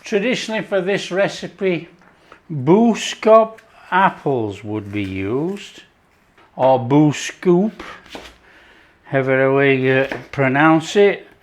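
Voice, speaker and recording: In a mid-range voice at a measured pace, the host of a cooking show chats easily as he makes a dish, talking while he works. He is a man, not from France, with a relaxed, chatty manner.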